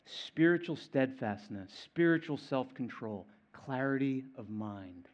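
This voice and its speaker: A man preaching a sermon, stressing and repeating key phrases, swinging between loud and quiet. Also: medium pitch, animated, a little slow, highs cut off. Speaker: pastor.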